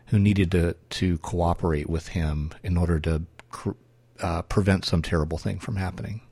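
A man's voice: sits low, creaky, darkish tone, slightly rough, dry recording. A man hosting a solo podcast, thinking aloud in a wry, self-correcting way. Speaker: podcast host.

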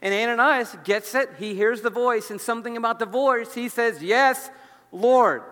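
A man preaching a sermon as pastor, emphatic, swinging from loud exclamations to hushed near-whispers. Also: very high voice, steady tone, fairly quick, clean tone, long reverb tail.

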